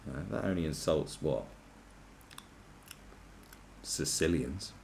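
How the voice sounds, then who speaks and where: A man's voice: a bass voice, lively intonation, measured pace, gravelly, pauses often, a little mellow, slight background noise. A man on a podcast, ranting crudely and sarcastically with many restarts and mocking asides. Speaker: podcast host. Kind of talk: crude comedic rant.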